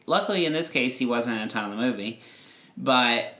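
A man's voice: medium pitch, fairly quick. A man hosting a podcast, chatting and gossiping as he reviews a movie. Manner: chatty, gossipy, animated storytelling. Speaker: podcast host. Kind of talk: casual chat, movie review. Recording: echoey room.

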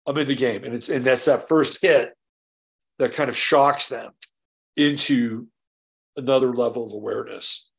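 A man hosting a casual solo show, his voice gravelly with plenty of fry. He rambles through a story and keeps checking in with "right?" between restarts. He swears now and then in an easygoing way. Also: mid-range voice, fairly even intonation, a little slow, pauses often. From California. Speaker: show host.

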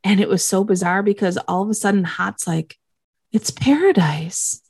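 A woman's voice: mid-range voice, little pitch movement, brisk, creaky, a little mellow, slightly rough, no room sound, studio quality. Tired-sounding woman recapping a show. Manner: rambling, heavy on fillers and casual swearing. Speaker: podcast co-host recapping a TV episode. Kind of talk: casual chat.

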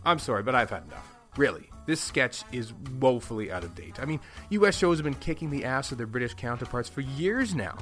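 A man's voice: mid-range voice, lively intonation, fairly quick, hardly any pauses, soft background music, lightly acted. A man playing a pushy, mocking television network executive in a comedy sketch. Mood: indignant. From Canada. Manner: loud, showy, mocking. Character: brash male TV network executive, pushy and smug.

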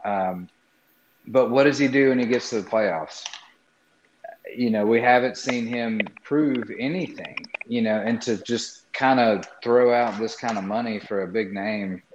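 Low-voiced blunt man, roomy muffled sound. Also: slight background noise. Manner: blunt, hesitant with many ums. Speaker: co-host. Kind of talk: casual sports chat.

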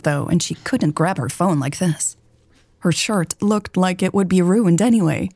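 Calm, mellow woman narrating a romance. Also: lowish voice, breathy edge. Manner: calm, gentle, intimate reading. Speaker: storyteller.

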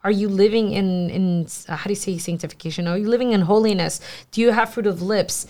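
A woman's voice: mid-range voice, fast, a little mellow. Young woman, Spanish native speaker, earnest, word-searching, casual Bible chat. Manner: earnest, searches for English words, acts out quotes. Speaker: church youth group member. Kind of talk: casual group Bible discussion.

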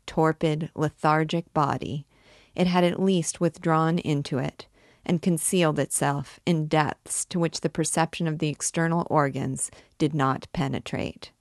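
A woman reading a classic novel aloud as a book guide, in a measured, deliberate way. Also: low-pitched, fairly even intonation, dry recording, clean studio sound.

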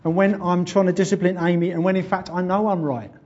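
A man's voice: sits high, flat delivery, fast, a little mellow, lo-fi sound. A man preaching a sermon in an earnest, conversational way. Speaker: pastor.

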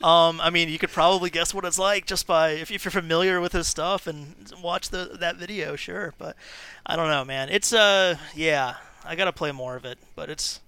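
A middle-aged man, a games editor, talking casually on a podcast in a relaxed way, chuckling and trailing off. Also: fairly high pitch, moderate pace, clear, resonant tone, dry recording.

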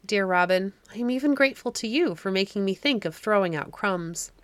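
A woman reading a storybook aloud, voicing a kind young governess who speaks gently and soothingly. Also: medium pitch, expressive, brisk, no room sound, lightly acted. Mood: gentle. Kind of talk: audiobook reading.

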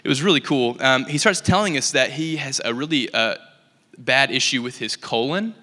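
Bright-voiced young man telling church stories. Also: mid-range voice, normal speed. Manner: casual, animated, full of likes and ums. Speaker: church speaker. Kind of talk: storytelling sermon talk. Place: church hall. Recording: long hall reverb.

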